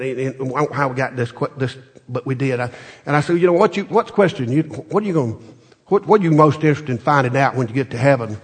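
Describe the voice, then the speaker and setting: A man preaching a folksy sermon, telling stories with many restarts and building to loud, emphatic peaks. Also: mid-range voice, slightly rough. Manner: folksy storytelling, repeats words, rises to loud emphatic peaks.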